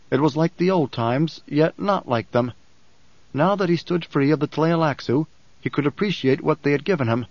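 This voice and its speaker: A man narrating an audiobook in a measured, deliberate way. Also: fairly high pitch, a little mellow, no room sound. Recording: dull, dry audiobook sound.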